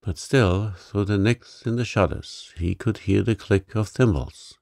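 Slow, deep-voiced gravelly male narrator. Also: dry recording, clean studio sound. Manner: calm, slow and soothing. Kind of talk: bedtime sleep story narration.

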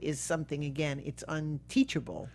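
A woman's voice: sits low, moderate pace, gravelly, a little mellow. A woman hosting an interview, asking questions in a conversational way. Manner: conversational, asks questions with fillers and restarts. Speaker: interviewer and show host. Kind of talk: casual interview chat.

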